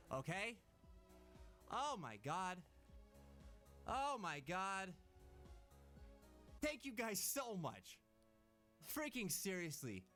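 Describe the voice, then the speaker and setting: A man chatting on a live stream, thanking viewers and breaking into excited shouted exclamations. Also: high voice.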